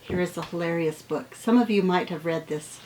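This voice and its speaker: A middle-aged woman teacher reading picture books aloud to children, acting out the sound words with animated expression. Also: fairly low pitch, slight background noise, low-quality recording. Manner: slow, gentle pace.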